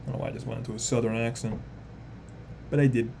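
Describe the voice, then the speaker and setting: A man's voice: flat delivery, fast, creaky, pauses often, dark tone, a little hiss or hum. Young man calling live play-by-play. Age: young adult. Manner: casual and chatty, reads viewer comments between pitches. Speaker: play-by-play streamer.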